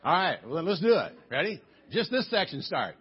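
A man's voice: fairly high pitch, very animated, fairly quick, breathy edge, dull audio. A male pastor giving a sermon in a church, coaxing the congregation into singing with a chatty, joking manner. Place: church sanctuary.

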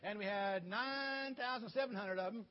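A man's voice: high voice, normal speed. A man giving a children's story sermon as a pastor, telling it animatedly and inviting kids to join in. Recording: dull lo-fi sound.

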